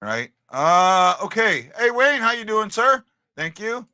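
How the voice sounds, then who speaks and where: A man's voice: sits high, sing-song, slow pace, sharp tone, dry recording, clean studio sound. A man hosting a casual hockey livestream, chatting to his viewers and repeating himself as he talks. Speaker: hockey podcast host.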